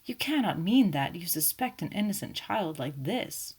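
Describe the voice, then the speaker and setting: A woman's voice: lowish voice, lively intonation, normal speed, darkish tone, husky. A woman voicing an earnest, romantic young Englishman in an audiobook, in her own everyday voice. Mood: eager, earnest. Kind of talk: audiobook character voice.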